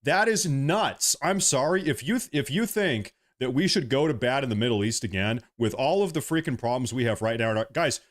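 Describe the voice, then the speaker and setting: A man's voice: medium pitch, animated, a little fast, hardly any pauses. A young man ranting passionately in a livestream monologue, repeating himself and swearing as he reads viewer comments.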